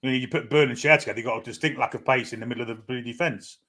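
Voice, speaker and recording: A man's voice: medium pitch, steady tone, rapid-fire, a bit bright. A brash man argues football tactics on a casual podcast, swearing casually as he talks. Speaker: podcast co-host. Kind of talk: casual fan podcast chat.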